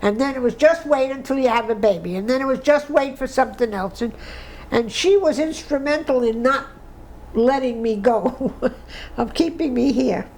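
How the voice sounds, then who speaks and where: A woman's voice: high-pitched, normal speed, darkish tone, rough recording. A woman in her nineties giving an oral history interview, emotional and tearful, reminiscing with restarts. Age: 90s. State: crying.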